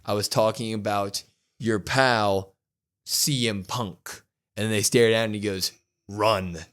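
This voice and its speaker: A man co-hosting a podcast, retelling a wrestling show in a casual, animated way, quoting what was said. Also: mid-range voice. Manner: animated storytelling, quotes wrestlers. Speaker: podcast co-host. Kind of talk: casual wrestling recap chat.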